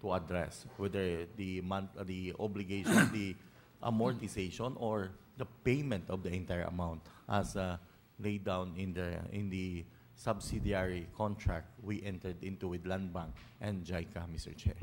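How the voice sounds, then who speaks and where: Halting low-voiced councilman. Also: steady tone, a little hiss or hum. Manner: halting, formal, many fillers, addresses the chair. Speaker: city council member. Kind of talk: council debate rejoinder. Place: city council session hall.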